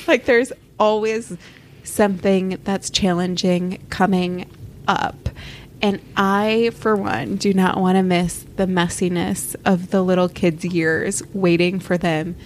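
A calm, candid woman co-hosting a podcast, talking reflectively about parenting her young kids. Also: lowish voice, slow pace, slight background noise. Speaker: podcast co-host. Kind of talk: casual podcast chat.

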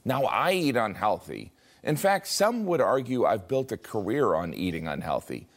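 A man's voice: lowish voice, very animated, normal speed. A man delivering a scripted comic commentary in a dry, self-mocking way. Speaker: comedy commentator.

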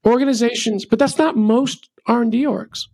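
Man, middle-aged, podcast guest, gravelly fry, energetic rambling storyteller. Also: very high voice, moderate pace, dry recording, clean studio sound. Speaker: podcast guest, venture capitalist. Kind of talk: animated conversational advice.

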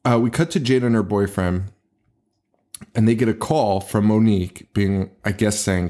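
Recapping a horror movie with his podcast co-host, this man chats casually, cursing incredulously and breaking into frequent laughter. His voice is on the low side and warm, at a normal speed.

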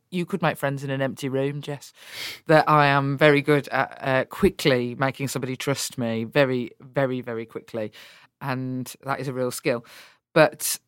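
Woman, interview guest: blunt, animated, swears freely, dry close sound. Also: sits low, clean tone, no echo. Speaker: interview guest, politician and author. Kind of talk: candid conversational interview.

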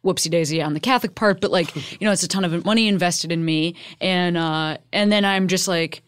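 A woman's voice: on the low side, fairly quick, hardly any pauses, smooth, dry recording, studio quality. A middle-aged woman hosting a casual chat, reacting effusively and then reflecting.

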